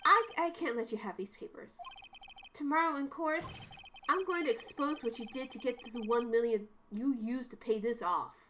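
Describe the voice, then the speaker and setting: A woman's voice: on the high side, normal speed, a bit bright, slight background noise, natural voice. A woman voicing a young, earnest male defense attorney who stammers, read from a video game. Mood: flustered.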